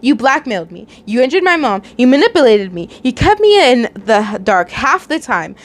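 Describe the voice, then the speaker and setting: A woman's voice: a little high, sing-song, normal speed. A woman voicing a fed-up young woman in a fan story, firm and accusing.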